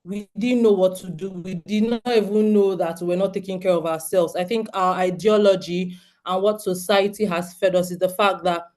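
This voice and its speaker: A woman's voice: mid-range voice, steady tone, moderate pace, darkish tone. A Nigerian woman in her thirties giving an earnest, direct talk to homeschooling parents, often turning to the audience with questions. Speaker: homeschooling speaker.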